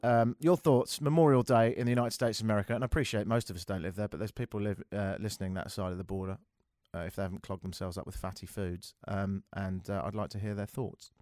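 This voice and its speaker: A man's voice: on the low side, steady tone, fast, few pauses, a little mellow, no room sound, studio quality. A man with an English accent hosting a call-in radio show, talking in a sarcastic, wry and rambling way. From England. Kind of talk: talk radio monologue.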